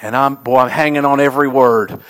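A middle-aged man, a pastor, preaching a sermon with animated storytelling that rises to emphatic peaks. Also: mid-range voice, a little fast.

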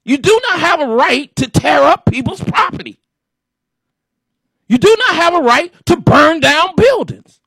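A man's voice: extremely high pitch, expressive, measured pace, creaky, a bit bright, no echo. A man hosting a commentary show, lecturing his audience in an exasperated rant that keeps circling back to the same points. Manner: exasperated, lecturing, repeats himself.

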